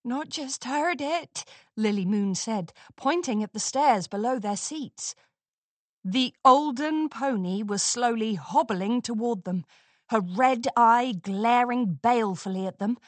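A woman narrating a children's storybook in an expressive, unhurried reading. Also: fairly high pitch, no room sound.

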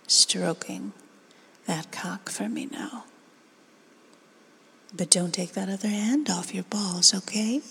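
A woman in a whispered role-play, giving slow, coaxing commands in a breathy whisper. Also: on the low side, a bit bright. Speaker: ASMR performer.

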